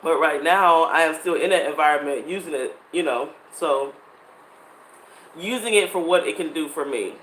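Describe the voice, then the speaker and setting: A woman's voice: low-pitched, moderate pace, fairly bright tone, a little hiss or hum. A woman, chatting casually and animatedly with her viewers and laughing often. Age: 30s. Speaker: vlogger. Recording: echoey room with faint ambience.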